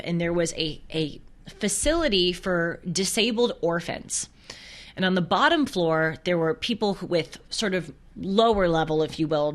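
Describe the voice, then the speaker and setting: Earnest woman telling faith stories. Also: lowish voice. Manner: earnest storytelling with restarts. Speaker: host. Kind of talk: casual faith talk on camera. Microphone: camera close to her.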